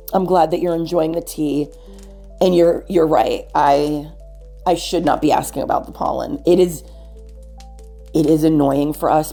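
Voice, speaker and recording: Podcast host, woman: low gravelly voice, mellow tone, gentle questioning, faint music under. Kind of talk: casual interview.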